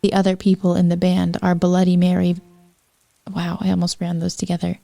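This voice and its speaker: A woman podcast host reading fanfiction aloud for comedy, deadpan with wry asides. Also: lowish voice, a little fast, creaky, no echo.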